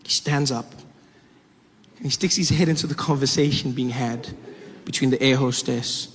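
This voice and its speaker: A man from South Africa performing stand-up comedy, telling an animated story full of characters. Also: mid-range voice, normal speed, slightly rough, long reverb tail.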